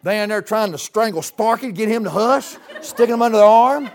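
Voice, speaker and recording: A man preaching a sermon in a church, folksy, with dramatic swings from loud to hushed. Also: high-pitched, a little fast, hardly any pauses.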